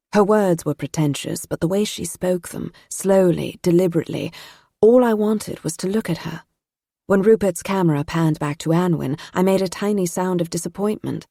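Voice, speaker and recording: Low, mellow woman narrating an audiobook. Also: normal speed, vocal fry, no echo, clean studio sound.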